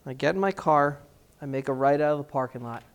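A male preacher telling a personal story in a sermon, animated, with emphatic repetition. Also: a little high, fairly quick, clean tone.

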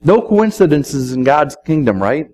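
A man's voice: fairly high pitch, very animated, measured pace, warm tone, slight background noise, rough recording. Man preaching a conversational sermon. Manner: conversational preaching, quotes scripture. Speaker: pastor.

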